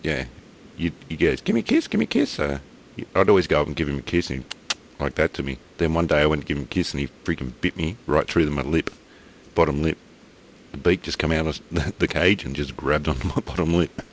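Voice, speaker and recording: A man's voice: extremely low pitch, fairly even intonation, brisk, a little hiss or hum. An Australian man co-hosting a podcast, telling laid-back stories in casual chat, laughing often and swearing casually. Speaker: podcast co-host.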